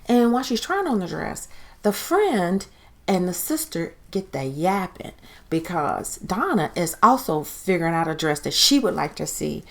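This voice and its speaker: A woman with a fairly low voice recapping a reality show in a loose, conversational way. She is chatty and opinionated, and she slips into voices when she quotes people. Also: sing-song, moderate pace, gravelly. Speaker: TV recap host.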